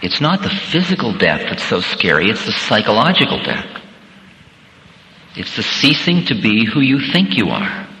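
A man's voice: fairly low pitch, huge pitch swings, moderate pace, pushed and bright. Guy doing a spiritual workshop talk, chatty and thoughtful, roomy echo, faint noise behind. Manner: reflective, conversational, acts out little scenarios. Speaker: spiritual teacher. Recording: echoey hall with long reverb.

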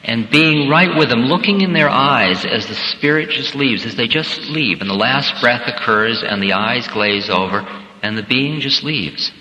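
A man's voice: medium pitch, animated, a little slow, pushed and bright. Guy doing a spiritual workshop talk, chatty and thoughtful, roomy echo, faint noise behind. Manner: reflective, conversational, acts out little scenarios. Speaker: spiritual teacher. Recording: echoey hall with long reverb.

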